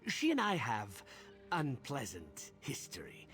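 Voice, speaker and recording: A man voicing a sly, secretive male lizard-folk thief in a video game, with a smooth, conspiratorial manner. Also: medium pitch, wildly swooping pitch, slow pace, fairly bright tone, exaggerated voice. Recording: dull lo-fi game audio with music.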